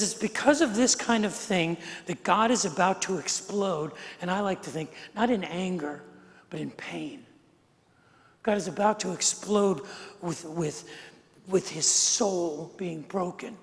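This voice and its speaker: A middle-aged man preaching a sermon as pastor, talking in a conversational way that swings from quiet to emphatic and repeats words as he goes. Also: high-pitched, a little slow. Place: large church sanctuary. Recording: long hall reverb from the sanctuary.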